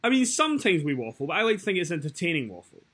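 Husky-voiced chatty man podcasting. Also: a little high, very animated, pushed and bright. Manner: chatty, halting, restarts mid-thought. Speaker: podcast co-host. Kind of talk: casual podcast chat.

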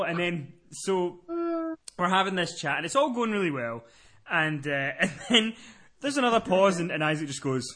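A young man hosting a podcast, telling a story in a casual, animated way and swearing freely. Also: sits high, normal speed. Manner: animated, profane, laughing storyteller. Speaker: podcast host.

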